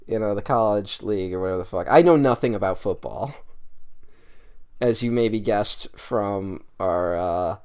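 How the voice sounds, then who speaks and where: A man's voice: fairly low pitch, normal speed, darkish tone, smooth. A man co-hosting a movie podcast, reviewing a film in casual chat, rambling with lots of ums and laughing often. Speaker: podcast co-host.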